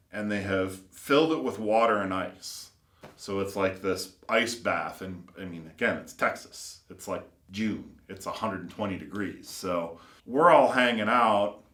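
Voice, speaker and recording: Low-voiced man telling rambling stories. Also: fairly bright tone. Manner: rambling, filler-heavy, acts out quoted voices. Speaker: custom car builder and shop owner. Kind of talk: casual anecdotal storytelling. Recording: roomy echo.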